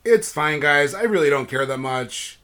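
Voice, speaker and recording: A man's voice: on the high side, expressive, normal speed, fairly bright tone. A man voicing a snobbish, spoiled rich boy in a storybook tale, with a haughty drawl. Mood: whiny.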